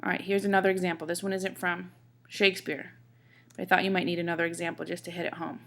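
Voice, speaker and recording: A woman's voice: lowish voice, flat delivery, fast, vocal fry, a bit bright. A woman teaching a class, explaining step by step, checking in with her listeners and reading verse aloud with marked stresses. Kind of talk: classroom lecture on poetry.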